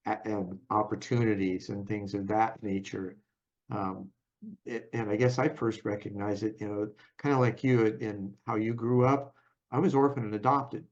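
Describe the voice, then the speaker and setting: A man hosting a conversation and telling his own story in a thoughtful, unhurried way, often pausing to search for words. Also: lowish voice, muffled recording. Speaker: podcast host. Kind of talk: reflective personal storytelling.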